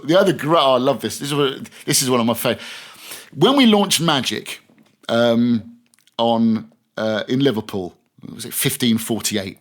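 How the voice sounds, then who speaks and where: Chatty British radio veteran telling stories. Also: male voice, mid-range voice. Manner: chatty anecdotal, many restarts, laughs through stories. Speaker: radio presenter guest. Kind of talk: casual podcast interview storytelling.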